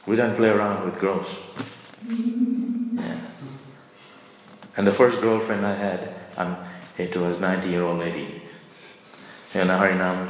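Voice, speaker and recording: A middle-aged man with a fairly low voice gives a rambling, conversational sermon, full of fillers and restarts. He is heard in an echoey temple hall with a long reverb tail. A faint hiss sits under the recording. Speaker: speaker giving a scripture class. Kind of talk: informal sermon, storytelling.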